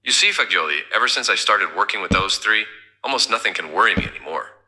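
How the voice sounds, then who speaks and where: A man voicing a servile, sly male office assistant who speaks with mock politeness in an animated story. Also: lowish voice, fast talker. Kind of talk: scripted character voice.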